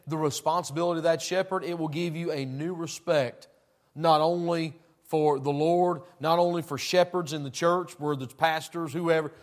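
A man preaching a sermon, swinging between loud emphasis and quiet asides. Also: on the high side.

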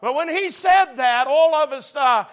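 High, bright fervent preacher man. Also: unhurried. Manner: storytelling with rising fervor and call-outs to the congregation. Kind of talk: sermon.

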